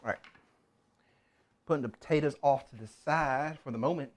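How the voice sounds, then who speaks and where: A man's voice: medium pitch, moderate pace. Rambling man chatting while he cooks. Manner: rambling, talks to himself while cooking. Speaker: cooking streamer. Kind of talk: casual cooking stream chatter.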